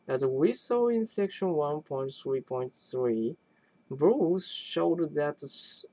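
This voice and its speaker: Reader of a technical text, slow unhurried pace, halting delivery, frequent restarts. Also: mid-range voice, animated, a little mellow, dry recording, low-quality recording. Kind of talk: reading a linguistics text aloud.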